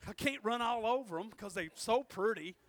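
High-voiced preacher guy, real bright ringing tone, fired up sermon, keeps asking for amens. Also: expressive, moderate pace. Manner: fervent, calls out for amens.

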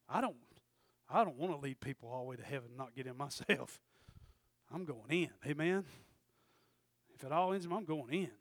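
A man preaching a sermon as pastor, swinging from quiet storytelling to fervent shouting. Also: a little high, expressive, normal speed, pauses often, no room sound.

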